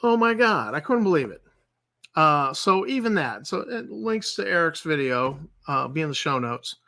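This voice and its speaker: Forceful, exasperated man ranting. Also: a little high, big pitch swings, normal speed, creaky. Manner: exasperated, sarcastic, repetitive. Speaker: channel host. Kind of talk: ranting commentary.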